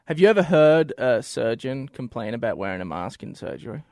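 Australian podcast co-host, male, earnest and animated, dry close mic. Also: medium pitch, fairly quick, dry recording. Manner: earnest, lively, restarts often. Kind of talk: casual chat.

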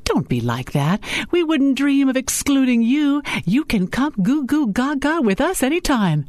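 Brief: woman voicing a bold young lawyer, a touch higher, dry close sound. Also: big pitch swings, unhurried, darkish tone, no echo. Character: young female lawyer, eager and outspoken. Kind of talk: audiobook character reading.

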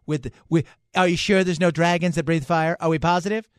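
A man's voice: on the high side, fairly even intonation, brisk, smooth, dry recording, studio quality, natural voice. A male radio host doing a comic impression of a bland vice president who speaks mildly and trails off. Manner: soft-spoken, trailing off.

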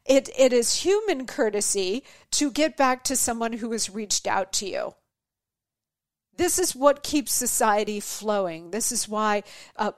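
High-pitched lady podcaster venting, mimics people, dry close sound. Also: dry recording. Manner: exasperated ranting with mocking quoted voices. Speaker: podcast host. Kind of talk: opinion monologue.

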